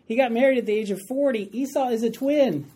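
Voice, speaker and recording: Mellow, husky woman teaching a Bible class. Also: fairly high pitch, fast talker. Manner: lively, conversational, asks the class questions. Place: classroom with a board.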